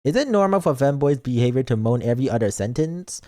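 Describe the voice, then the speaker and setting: A man's voice: mid-range voice, expressive, fast talker, a little mellow. A man streaming a game as a VTuber, chatting casually with his viewers in a playful, goofy, mock-defensive way.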